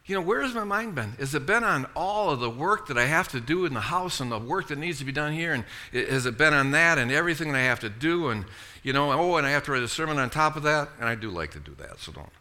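Lively joking preacher man, bright voice. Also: a little high, fast talker. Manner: conversational, joking, asks the congregation questions. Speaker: pastor. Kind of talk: sermon.

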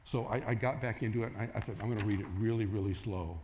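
A man's voice: on the low side, fast, few pauses, slight background noise. Storytelling man preaching a sermon. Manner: storytelling, acts out quoted voices with rising excitement. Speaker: pastor.

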